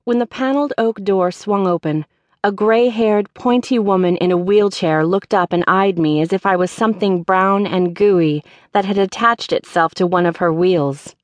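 A woman tells a first-person story in a wry, even-paced way, her voice in a middle range. The studio sound is dry and close, with no room around it. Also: medium pitch, moderate pace, no echo. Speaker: audiobook narrator. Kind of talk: scripted audiobook narration. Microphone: studio microphone.

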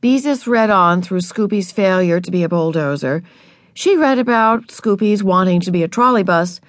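A woman narrating a children's audiobook in a scripted, expressive storytelling manner, recorded in a studio. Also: mid-range voice, moderate pace, no echo.

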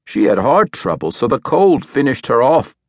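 A man's voice: medium pitch, very animated, moderate pace, dry recording. A man voicing a bitter old hunchbacked widower who mutters complaints, in an audiobook reading.

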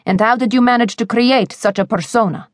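A woman narrator voicing a powerful, intimidating man who speaks softly and calmly in a deep, husky voice with controlled menace. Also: a little fast, no room sound, clean studio sound, lightly acted. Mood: cold.

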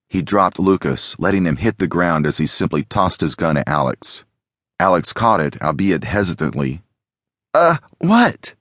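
A man reading a novel aloud as an audiobook narrator, in a steady, even storytelling manner. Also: rumbling low, dry recording, clean studio sound.

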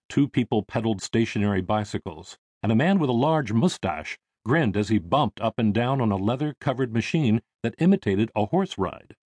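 Expressive male audiobook narrator. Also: medium pitch, no echo. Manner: expressive storytelling.

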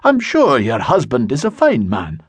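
A male narrator voicing a charming young Highland womanizer in an audiobook. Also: huge pitch swings, normal speed, dry recording, heavily acted. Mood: placating. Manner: coaxing, smooth-talking.

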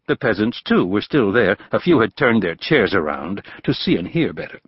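A man narrating an audiobook in a measured, expressive storytelling manner. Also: lowish voice, breathy edge, dry recording, muffled recording. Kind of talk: scripted narration.

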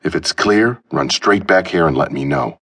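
A male narrator voicing a suspicious, armed middle-aged man who gives clipped, gruff orders. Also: deep voice, lively intonation, moderate pace, fairly bright tone, far from the mic, full character voice. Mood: menacing.

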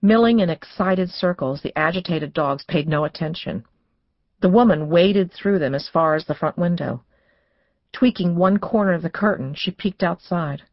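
A woman reading a suspense novel as audiobook narrator, in measured, tense storytelling. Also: fairly low pitch, dry recording, lo-fi sound. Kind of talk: scripted narration.

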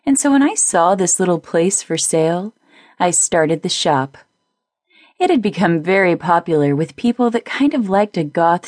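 A woman narrating a first-person audiobook in a lively, playful way on a close studio mic. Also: on the low side, no echo.

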